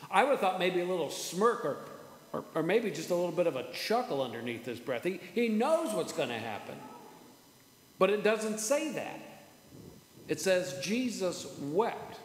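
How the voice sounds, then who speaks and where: A man preaching a sermon as pastor, earnest, repeating words and slowing down for emphasis. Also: high-pitched, very animated, slight background noise. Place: church sanctuary. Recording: echoey church hall with faint ambience.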